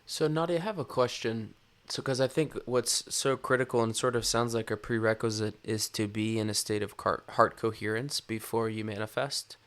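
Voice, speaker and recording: A man with a low, flat-toned voice asks thoughtful interview questions at a measured pace. He sounds deliberate as he works out his phrasing.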